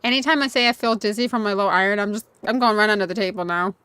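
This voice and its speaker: A woman's voice: medium pitch, fast, sharp tone, smooth, no room sound. A woman game streamer chatting casually and self-mockingly while playing, talking to the characters on screen. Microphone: desk USB microphone.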